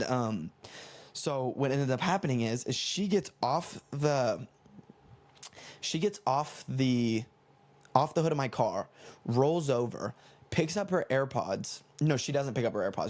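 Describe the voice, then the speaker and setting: A young man from the United States hosting a comedy podcast, telling a rambling, animated story and correcting himself as he goes. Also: medium pitch, unhurried. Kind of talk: casual storytelling monologue.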